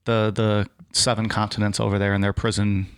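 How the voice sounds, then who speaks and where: A man hosting a podcast in casual chat, joking in a deadpan, rambling way. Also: on the low side, brisk, smooth. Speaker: podcast host.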